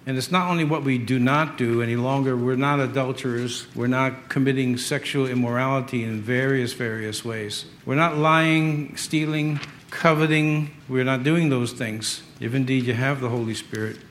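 A middle-aged man preaching a sermon as pastor, swinging between loud emphatic lines and quiet asides. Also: mid-range voice, steady tone, moderate pace, few pauses, slight background noise.

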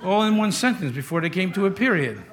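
A man delivers a sermon from the pulpit, his voice sitting notably high for a man. He builds his points through repetition and lightens them with humorous personal anecdotes. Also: animated, fast. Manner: storytelling with humor, repetitive emphasis. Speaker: pastor.

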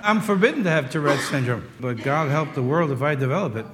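A man in his sixties preaching a sermon in a conversational way, with wry humor, moving between loud emphasis and quiet asides. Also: a little high, animated, fast talker, a crowd in the background. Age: 60s. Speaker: pastor.

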